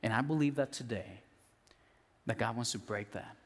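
A male pastor giving a conversational sermon with restarts, dropping soft and low when he prays. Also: moderate pace, vocal fry. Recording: long hall reverb.

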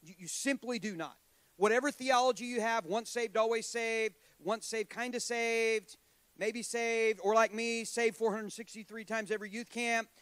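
High-voiced man preaching with jokes. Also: fairly even intonation, moderate pace, fairly bright tone, clear, resonant tone, no room sound. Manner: humorous, conversational, self-deprecating asides. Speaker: guest preacher. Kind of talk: sermon.

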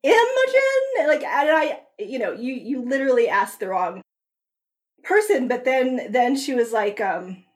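A woman hosting a podcast in casual chat, talking in quick bursts and laughing often mid-sentence. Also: a little high, lively intonation. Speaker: podcast host and author.

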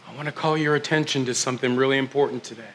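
Guy preaching in church, bright ringing voice, keeps calling everyone family. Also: medium pitch, steady tone, rapid-fire, a little hiss or hum. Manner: emphatic, addresses congregation as family. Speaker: pastor. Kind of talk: sermon. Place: church before a congregation.

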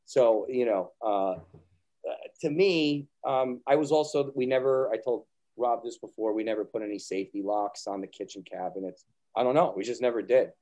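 Dark-voiced man telling stories. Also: mid-range voice, normal speed. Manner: storytelling, swears, acts out quotes. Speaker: podcast guest. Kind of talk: casual chat.

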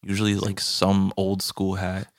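A man's voice: deep voice, completely flat delivery, unhurried, no room sound, studio quality. A man co-hosting a casual podcast, telling stories in a loose, profane way with lots of filler words. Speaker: podcast co-host. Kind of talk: casual chat.

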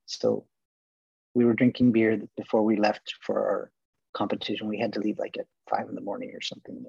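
A man's voice: on the low side, flat delivery, moderate pace, gravelly, dark tone, breathy edge, no echo, lo-fi sound. A man in his forties from Texas, a guest casually telling long rambling stories with lots of fillers. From Laredo, Texas. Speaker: interview guest. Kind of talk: casual storytelling interview.

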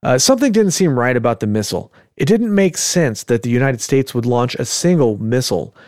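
Male podcast host, casual storyteller with a joking manner, mid-pitched voice, dry close sound. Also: animated, fairly quick, darkish tone, no echo. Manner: joking, chuckles often, conversational asides.

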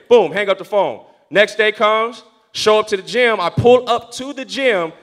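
A pastor telling a story from the pulpit, animated and acting out the voices of the people in it. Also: male voice, high-pitched, normal speed, few pauses. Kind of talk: storytelling sermon.

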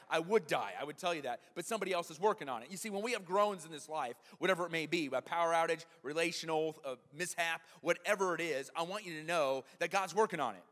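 A man's voice: fairly high pitch, fairly bright tone. A male pastor preaching a sermon in a conversational way, often checking in with the congregation with "right?". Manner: conversational preaching, frequent "right?" tag questions. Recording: long hall reverb.

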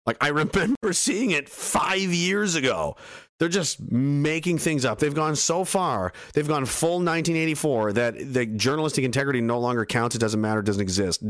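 A man's voice: mid-range voice, moderate pace, fairly bright tone, dry recording. Angry, profane man ranting. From Canada. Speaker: livestreamer reading chat messages. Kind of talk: ranting livestream commentary.

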